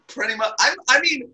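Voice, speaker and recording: A man's voice: very high-pitched, sharp tone, rough recording. A man chatting casually and crudely with a friend, laughing often as he jokes. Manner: laughs constantly, crude and joking. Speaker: podcast co-host. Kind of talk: casual comedic chat.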